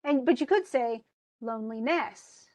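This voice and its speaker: Chatty woman teacher, fairly high voice. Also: moderate pace, darkish tone. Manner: chatty, explains with spoken examples, laughs easily. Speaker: English instructor. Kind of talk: casual one-on-one tutoring.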